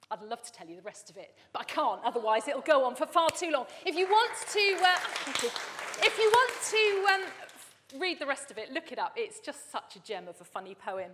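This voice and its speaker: Lively woman preaching in a church. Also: high voice, a little fast, long reverb tail. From Dorset, England. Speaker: church speaker introducing a reading. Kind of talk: sermon.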